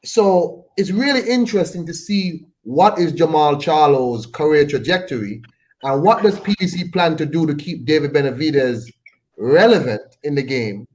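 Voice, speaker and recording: Guy chatting on a podcast, bit higher voice, retelling what people said. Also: animated, moderate pace, a little mellow. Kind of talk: casual chat.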